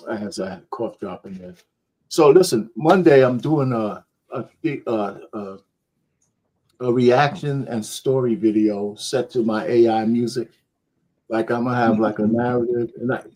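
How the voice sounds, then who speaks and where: A man's voice: mid-range voice, a little mellow. A man talking casually as a panelist on a call, rambling and laughing easily.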